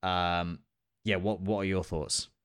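A young man co-hosting a casual review podcast, relaxed and full of ums. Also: sits low, slow pace, clean tone. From England. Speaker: podcast co-host.

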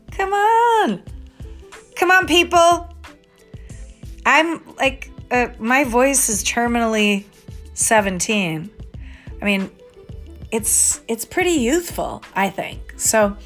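A woman in her fifties, an astrologer hosting her own show, talking in a casual, digressive way with laughing asides. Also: mid-range voice. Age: 50s. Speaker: podcast host and astrologer. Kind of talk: casual rambling monologue.

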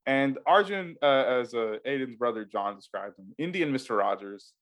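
A man's voice: mid-range voice, lively intonation, moderate pace, a bit bright. A man hosting a podcast in casual chat, rambling and restarting sentences, often laughing. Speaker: podcast host and editor.

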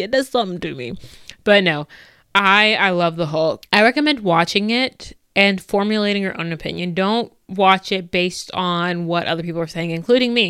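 A woman's voice: lowish voice, fairly bright tone, smooth, no room sound, clean studio sound. A young woman in her twenties hosting a casual solo podcast, gushing and laughing often as she fangirls. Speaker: podcast host.

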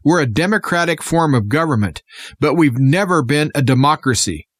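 A man from the United States guest-presenting a radio segment, his voice sitting somewhat high for a man. He speaks in an earnest, impassioned way. The sound is dry and close, with no room around it. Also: lively intonation, moderate pace, dry recording. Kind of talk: scripted radio monologue.

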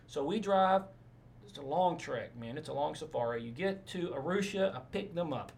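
A man, a pastor, telling stories in a casual interview, rambling and animated with many asides. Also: fairly high pitch, moderate pace, vocal fry.

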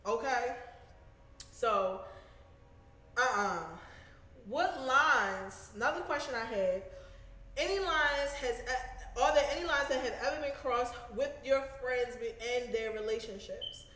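Blunt high-voiced woman in an echoey room. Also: unhurried. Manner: blunt, animated, profane. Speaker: show host. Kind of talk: casual storytelling chat.

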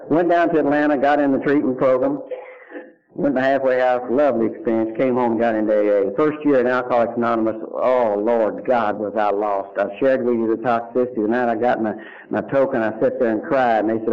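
A middle-aged man with a Kentucky accent, an animated storyteller giving his personal testimony at a recovery meeting who drops to hushed tones for serious moments. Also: mid-range voice, brisk. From Louisville, Kentucky. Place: meeting room before a live audience. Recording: lo-fi early 1990s tape recording.

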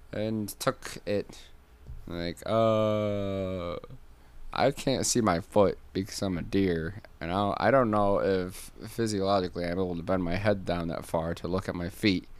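Casual male streamer, lower voice, loose rambling storyteller who laughs a lot. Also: steady tone, moderate pace.

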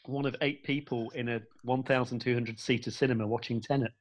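A man's voice: medium pitch, steady tone, a little fast. A man from England chatting casually on a podcast, rambling and often restarting his sentences. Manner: rambling, chatty, self-correcting. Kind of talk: casual chat. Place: London.

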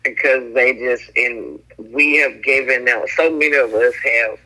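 A woman's voice: rumbling low, pushed and bright, husky, poor audio. A woman guest on a podcast, speaking frankly and giving her opinions in a casual chat. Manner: frank, opinionated, quick when making a point.

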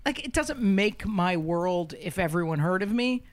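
A woman's voice: medium pitch, animated, measured pace. A woman in her fifties, a comedian hosting a podcast, telling stories in a brash, profane, self-deprecating way. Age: 50s. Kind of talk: casual podcast chat.

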